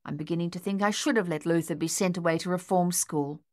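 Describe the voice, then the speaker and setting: A woman's voice: fairly low pitch, fast talker, no echo, clean studio sound, close to an everyday voice. A woman voicing a worried, pleading mother. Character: worried anxious mother pleading with her son.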